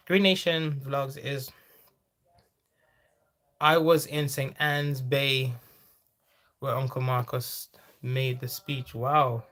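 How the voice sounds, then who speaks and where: A man's voice: mid-range voice, steady tone, slow pace, long pauses, fairly bright tone. A man with a Jamaican accent hosting a livestream, chatting casually, reading out viewer comments, laughing often and slipping into patois. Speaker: livestream host. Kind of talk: casual live-chat reading.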